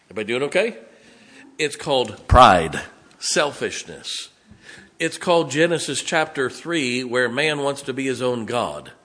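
A man's voice: mid-range voice, sing-song, a little slow, fairly bright tone. A man preaching a sermon, folksy, joking and blunt as a pastor speaking to his congregation.

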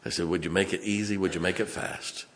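A middle-aged man preaching a storytelling sermon in a church, folksy, swinging from loud to hushed. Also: deep voice, steady tone, fast talker, slight background noise. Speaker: pastor. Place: church sanctuary.

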